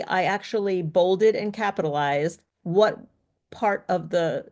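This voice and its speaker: Low-voiced woman coaching pronunciation. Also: a little mellow. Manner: explanatory, self-correcting, thinks aloud. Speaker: speech coach. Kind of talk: live pronunciation lesson.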